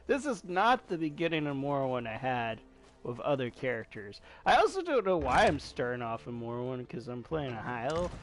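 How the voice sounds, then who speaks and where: A young man giving excitable, jokey commentary while playing a video game. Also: mid-range voice, brisk, soft background music. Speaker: gaming streamer. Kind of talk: casual gameplay commentary.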